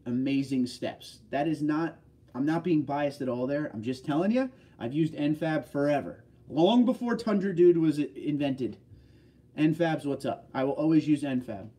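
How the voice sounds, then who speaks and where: A chatty man from the northeastern United States hosts a casual livestream and answers viewers' comments one by one. His voice sits a bit high with a mellow, dark tone. It sounds distant, as if he is sitting back from the microphone. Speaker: livestream host.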